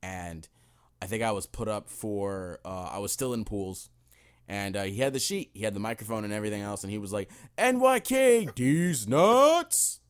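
A man's voice: fairly low pitch, fairly even intonation, fairly quick, clear, resonant tone. A young man hosting a podcast, chatting casually in a laid-back, slangy way with some swearing. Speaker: podcast co-host.

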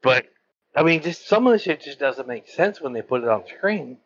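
A man's voice: mid-range voice, lively intonation, normal speed, lo-fi sound, slight background noise. A man co-hosting a podcast in casual chat, blunt and emphatic, swearing a lot. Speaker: podcast co-host.

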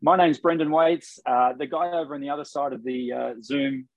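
A man co-hosting a casual live photography chat over a video call, relaxed and chatty with frequent ums. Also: mid-range voice, fairly quick, lo-fi sound, a crowd in the background. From Australia. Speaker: podcast co-host.

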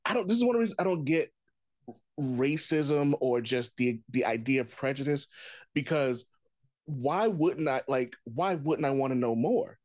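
A man's voice: medium pitch, lively intonation, normal speed, darkish tone, dry recording. A man telling rambling stories in casual podcast chat as a comedian guest. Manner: rambling storytelling, restarts, laughs often.

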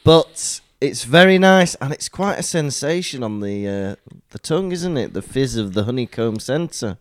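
A playful man in casual podcast chat who laughs easily. His pitch moves around a lot, and the sound is dry and close. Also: expressive, normal speed, no room sound. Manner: chatty, laughs often, playful banter. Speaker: podcast co-host.

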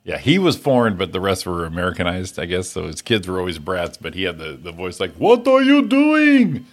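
A man's voice: sits low, fast talker, soft background music. A man hosting a podcast, chatting casually and telling crude, rambling anecdotes. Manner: rambling storyteller with crude humor. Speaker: podcast host. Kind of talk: casual chat.

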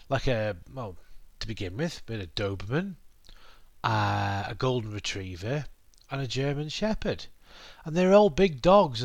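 A man's voice: medium pitch, dry recording. A British man hosting a podcast from his living room, rambling casually with fillers and asides while explaining English words. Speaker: podcast host. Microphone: computer mic at a desk.

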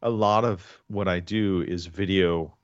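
A man's voice: low-pitched, fairly even intonation, measured pace, no room sound, muffled recording. A man hosting a podcast, chatting casually in a rambling way with many restarts. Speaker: podcast host. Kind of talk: casual chat.

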